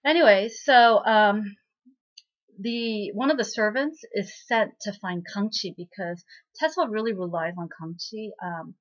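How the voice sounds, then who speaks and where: A woman with a mid-range voice and an unhurried pace hosts a casual spoken recap of a drama episode. She is chatty, full of fillers and asides, and the lo-fi recording sounds slightly muffled.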